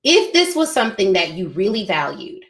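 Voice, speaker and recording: Woman, thirties, emphatic business pep talk, preachy, lively pitch, echoey room. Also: normal speed. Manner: emphatic, preachy, addresses listeners as y'all. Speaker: podcast host.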